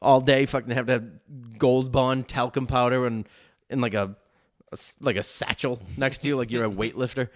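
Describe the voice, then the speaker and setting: A man's voice: mid-range voice, steady tone, moderate pace. Profane, rambling New man. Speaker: podcast host. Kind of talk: casual chat.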